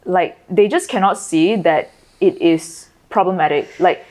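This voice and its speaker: A young Malaysian woman with a fairly low voice, co-hosting a relaxed podcast. She reflects out loud in a weary tone, threading her sentences with "like". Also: unhurried. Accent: Malaysian English. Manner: thoughtful, tired-sounding, lots of "like" fillers. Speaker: podcast co-host. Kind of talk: casual chat.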